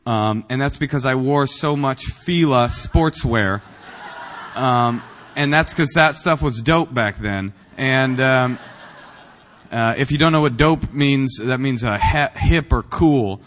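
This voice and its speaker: A man's voice: mid-range voice, slow pace, a bit bright. Man, from Northern California, recovery meeting speaker, rambling, self-mocking, lots of fillers, long hall reverb. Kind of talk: humorous personal recovery talk. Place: meeting room.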